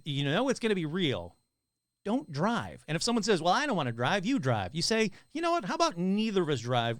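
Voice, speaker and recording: Male podcast host, slightly high voice, chatty and casual, reading listener stories, dry close sound. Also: a bit bright, no room sound. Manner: casual, chatty, swears and jokes between stories.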